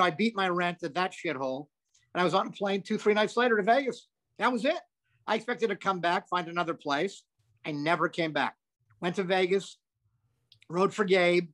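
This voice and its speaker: An older man, a comedian guest, telling animated anecdotes with lots of asides and some swearing. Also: high-pitched. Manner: animated, profane, rambling with asides. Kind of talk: anecdotal storytelling.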